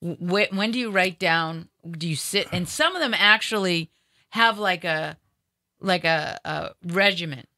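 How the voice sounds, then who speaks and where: A woman radio host with a Boston accent, speaking in a low-pitched but bright, forceful voice. She talks effusively and often trips over repeated words, and the sound is dry and close with no room echo. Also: a little slow. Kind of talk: casual chat.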